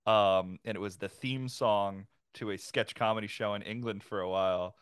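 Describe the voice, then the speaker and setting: Brief: male podcast host, casual storyteller, bright tone, dry sound. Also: on the low side, normal speed, clean tone, dry recording. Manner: animated storyteller, swears freely, laughs often. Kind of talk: casual chat.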